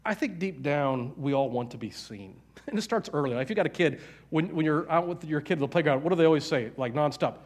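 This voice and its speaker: A middle-aged man preaches a sermon in a loose, chatty storytelling way, sprinkling in fillers and side remarks. His voice sits a bit on the high side for a man. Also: lively intonation, quick pace, breathy edge. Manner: conversational storytelling with many fillers and asides. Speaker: pastor.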